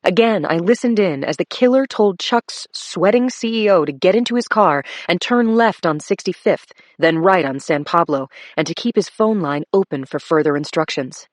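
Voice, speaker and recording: A woman narrating a crime thriller in a low, steady voice. Her delivery is measured and even. The recording is dry and close. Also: no room sound. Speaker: audiobook narrator. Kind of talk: scripted first-person thriller narration.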